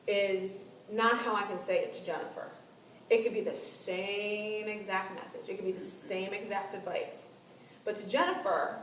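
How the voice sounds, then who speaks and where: Animated woman speaking in a roomy hall. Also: mid-range voice. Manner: conversational, animated, acts out quoted lines. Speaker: seminar speaker on client relations. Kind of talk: casual seminar talk to a team. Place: meeting room with an audience. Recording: roomy room sound, distant mic, faint noise.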